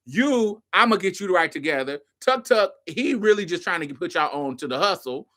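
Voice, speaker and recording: A woman's voice: on the low side, lively intonation, normal speed, a bit bright. A woman hosting a show, casually telling a story to her listeners, swearing freely and calling them y'all, honey and baby. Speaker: host.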